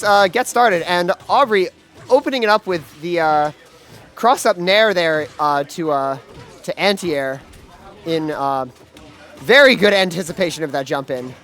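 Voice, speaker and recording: Higher-voiced man calling a fighting game live. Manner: excitable, many fillers and restarts. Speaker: esports commentator. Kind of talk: live play-by-play commentary. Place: gaming event venue.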